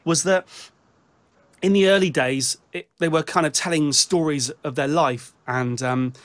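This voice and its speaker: Speaking somewhat slowly, a British show host with a markedly high, fairly bright voice leads an easygoing conversation about music. He pauses and starts over a lot, feeling out each idea mid-sentence.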